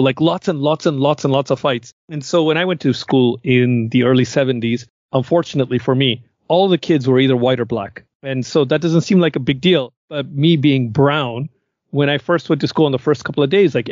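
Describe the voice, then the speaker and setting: A man's voice: mid-range voice, no echo, highs cut off. A man in his fifties who grew up in Canada, co-hosting a podcast in a curious, casual way and asking follow-up questions. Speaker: podcast co-host. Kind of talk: casual chat.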